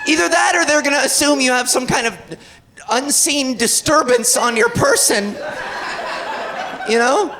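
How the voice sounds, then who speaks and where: A woman's voice: high-pitched, expressive, unhurried, noisy background. A woman in her thirties doing a live stand-up set, wry and self-deprecating. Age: 30s. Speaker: stand-up comedian. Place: comedy stage before live audience. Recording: live audience laughter in a club.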